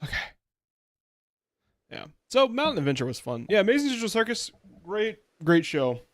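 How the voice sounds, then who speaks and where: A man's voice: high-pitched, sing-song, normal speed, dry recording, clean studio sound. A man streaming a video game, chatting casually in a rambling way with plenty of fillers. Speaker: VTuber streamer. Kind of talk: casual let's-play commentary.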